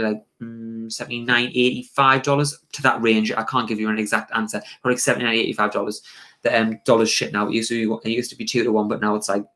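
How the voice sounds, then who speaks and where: A young man co-hosting a live stream, talking casually and ranting with lots of fillers and opinions. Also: medium pitch. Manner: animated and opinionated, rants with many fillers.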